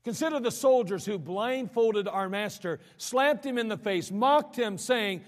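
Male preacher, high-pitched, dramatic sermon delivery with repeated words, long reverberant hall. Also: expressive, measured pace, hardly any pauses. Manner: dramatic preaching, sudden drops to low quiet lines; repeats words when building a point.

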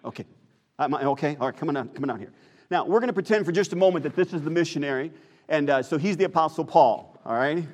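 A man's voice: fairly high pitch, fast talker, a little mellow, in a large hall. An American man, a pastor, preaching a sermon and asking the congregation questions. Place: church sanctuary.

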